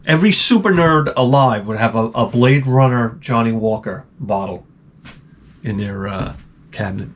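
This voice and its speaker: A man hosting his own channel, telling a rambling comic story with lots of swearing and loud mouth sound effects. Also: medium pitch, normal speed, a little hiss or hum. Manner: animated, profane, with loud sound-effect imitations. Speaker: channel host. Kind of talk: rambling comedic monologue.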